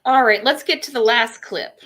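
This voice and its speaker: A woman's voice: on the high side, moderate pace, fairly bright tone. A woman co-hosting a casual true-crime discussion, outspoken and sarcastic. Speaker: podcast co-host.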